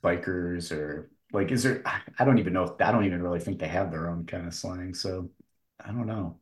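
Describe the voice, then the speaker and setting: A man's voice: deep voice, a little fast. A man co-hosting a podcast in casual chat, hesitant, with many "like"s and restarts. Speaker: podcast co-host.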